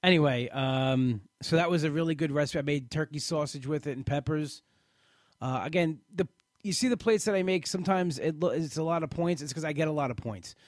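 A man's voice: fairly high pitch, fairly quick, no room sound. A man hosting a casual podcast, rambling with restarts and fillers, talking close to the mic. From Italian-American family. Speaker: podcast host. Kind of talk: casual live podcast chat.

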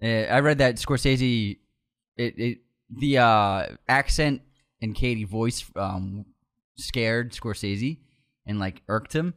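Male podcast co-host, casual and chatty, laughs easily, mid-pitched. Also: takes it slowly, a bit bright. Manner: laughs often, chatty, self-mocking. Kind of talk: casual podcast chat and ad read.

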